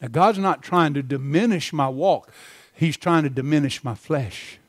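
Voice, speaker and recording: A man preaching a sermon from the pulpit, swinging from loud, impassioned lines to soft, quiet ones. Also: fairly high pitch, a little slow, no room sound, clean studio sound. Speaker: pastor.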